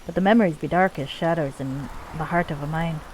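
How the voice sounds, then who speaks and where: A woman voicing a gruff male dwarf clan leader, weary of endless war, in a put-on Scottish accent. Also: low-pitched, brisk, a little mellow, slight background noise, lightly acted, poor audio. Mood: somber. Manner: gruff, archaic folksy dwarf speech. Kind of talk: reading game dialogue aloud.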